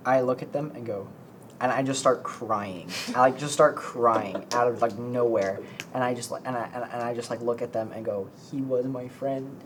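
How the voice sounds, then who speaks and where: A young adult playing a tabletop game, playful and expressive. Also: mid-range voice, moderate pace. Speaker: player. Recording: background noise.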